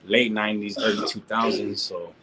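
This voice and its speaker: A man's voice: on the low side, flat delivery, normal speed, noisy background. A man, talking in a casual live-stream rant, slangy and repetitive, peppering his talk with street asides and restarting his sentences. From California. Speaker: reaction streamer.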